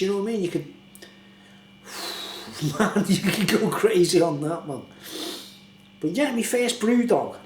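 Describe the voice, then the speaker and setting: A man's voice: a little high, reverberant, a little hiss or hum. A British man chatting in a rambling, casual way for his vlog, often asking "you know what I mean?". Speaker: YouTuber reviewing beer.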